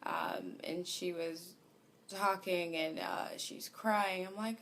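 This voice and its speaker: A woman telling a personal story, hesitant and full of fillers, her voice growing softer as she goes. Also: fairly low pitch, steady tone, slow pace, slight background noise. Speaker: vlogger. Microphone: home recording.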